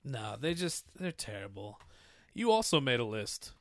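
A man's voice: mid-range voice, very animated, moderate pace, no room sound, clean studio sound. A man co-hosting a casual movie review chat, blunt and exasperated in his opinions. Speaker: podcast co-host reviewing a movie.

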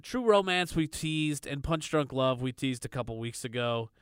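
Smooth-voiced man chatting about movies. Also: medium pitch, normal speed, no room sound, clean studio sound. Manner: relaxed, loose, filler-heavy. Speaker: podcast co-host. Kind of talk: casual movie chat.

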